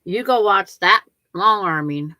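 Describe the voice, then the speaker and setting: A woman's voice: medium pitch, expressive, measured pace, pushed and bright, no room sound. An older woman hosting a quilting livestream, chatting casually and rambling with viewers, often restarting her sentences.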